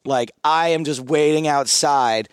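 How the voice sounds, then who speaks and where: A man's voice: fairly high pitch, unhurried, clear, resonant tone, no room sound, clean studio sound. A man in his thirties on a podcast, telling rambling, self-mocking stories in casual chat, often restarting his sentences. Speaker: podcast co-host.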